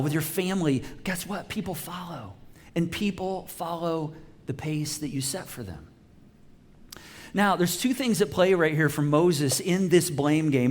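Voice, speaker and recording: A man preaching a sermon to a congregation in a conversational style, with frequent restarts and lively acted-out quotes. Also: a little high. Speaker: pastor. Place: church auditorium with a live congregation.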